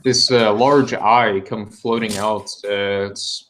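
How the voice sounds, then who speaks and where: A man running a tabletop game as game master, describing scenes with many pauses and fillers. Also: on the low side, steady tone, fairly bright tone. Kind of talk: narrating a tabletop game online.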